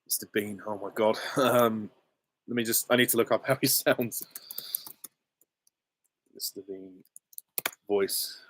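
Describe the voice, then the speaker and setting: A man's voice: fairly low pitch, fairly even intonation, normal speed, fairly bright tone. A man hosting a live stream Q and A, chatty, giggly and self-deprecating, on a close desk mic. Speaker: channel host answering viewer questions.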